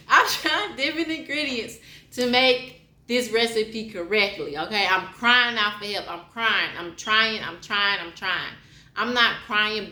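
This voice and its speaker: A woman's voice: mid-range voice, bright, forceful tone. A woman vlogger speaking frankly, reading a poem and then giving a repetitive, heartfelt pep talk. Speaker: motivational vlogger. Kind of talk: frank personal monologue with spoken poetry. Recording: roomy echo.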